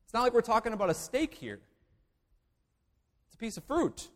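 A male pastor preaching a sermon, emphatic, moving between loud declarations and hushed asides. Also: very high-pitched, huge pitch swings, normal speed, in a large hall.

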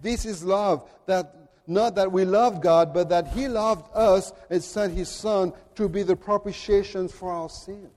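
A man with a French accent preaching a sermon in an earnest, deliberate way, at times speaking directly to children. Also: sits high, darkish tone, in a large hall. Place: church.

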